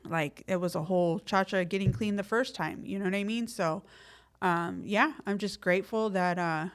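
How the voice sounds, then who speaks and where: A woman's voice: mid-range voice, normal speed, clear, resonant tone. A middle-aged woman, a podcast guest telling her story in casual, streetwise slang full of fillers. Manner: lively when acting out quotes.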